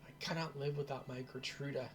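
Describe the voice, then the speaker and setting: A man's voice: medium pitch, steady tone, a little fast, background noise, pitched above the performer's own voice, lightly acted. A man voicing a frail old mother, half-mad with grief, who wails and repeats her words in despair. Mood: grief-stricken.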